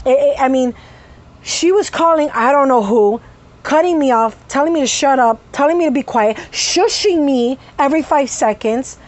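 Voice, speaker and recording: Woman vlogger, high voice, profane animated storytelling with sudden tic outbursts. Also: moderate pace. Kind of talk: casual story time.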